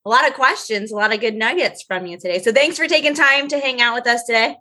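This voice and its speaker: Bright, high American woman co-host. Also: fast talker. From United States. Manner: chatty, rambling with fillers and self-deprecating asides. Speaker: podcast co-host. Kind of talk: casual podcast chat.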